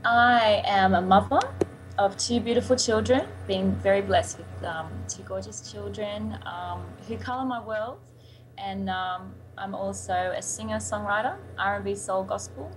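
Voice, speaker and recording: A woman's voice: mid-range voice, steady tone, a little slow, a little hiss or hum, low-quality recording. A woman from Sydney with an Australian accent, a singer-songwriter talking over a Skype call, bubbly and laughing often. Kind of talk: casual interview over Skype.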